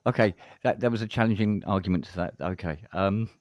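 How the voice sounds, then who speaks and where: A man's voice: lowish voice, fairly quick, a little mellow, dry recording, studio quality. A man co-hosting a live stream, teasing the others with mock-posh exclamations. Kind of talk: joking group banter.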